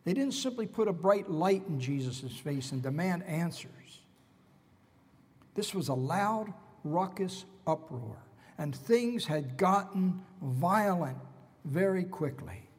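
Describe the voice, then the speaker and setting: A man's voice: sits high, animated, slow pace, slightly rough, long reverb tail. A man preaching an expository sermon, retelling scripture with dramatic, emphatic storytelling.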